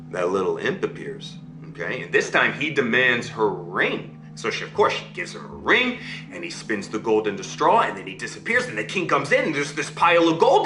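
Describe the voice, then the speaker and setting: A man telling a fairy tale to listeners in an animated way, often checking in with them as he goes. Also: on the low side, normal speed, roomy sound, music in the background. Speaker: storyteller.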